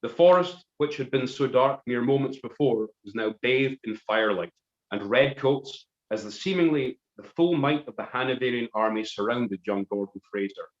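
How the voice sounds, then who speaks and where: A man's voice: mid-range voice, moderate pace. A man narrates a comic tale with mock-dramatic flair. His voice sits mid-range for a man. The sound is roomy and dull, like a home live stream. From Scotland. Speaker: musician reading a story on a live stream. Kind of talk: comic storytelling.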